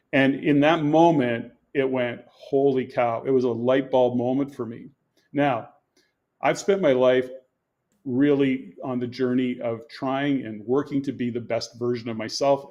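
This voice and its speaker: A man in his sixties speaks with an earnest, emphatic storytelling manner, his voice sitting at an ordinary middle pitch. The recording has a slightly dull, lo-fi quality. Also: a little mellow. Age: 60s. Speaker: podcast guest, real estate coach. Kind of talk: conversational interview.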